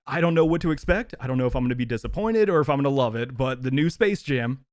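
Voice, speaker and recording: A man co-hosting a podcast, chatting casually in an excitable, enthusiastic way. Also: mid-range voice, no room sound, clean studio sound. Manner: excitable, enthusiastic, quick to laugh. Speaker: podcast co-host. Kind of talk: casual chat.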